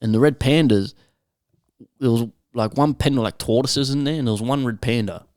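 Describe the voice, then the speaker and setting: A man's voice: mid-range voice, normal speed, darkish tone, no echo. Young aussie guy on a podcast, chill and sweary, laughs a lot, dry close mic. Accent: Australian. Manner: laid-back, profane storyteller who laughs often. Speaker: podcast panelist. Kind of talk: casual chat.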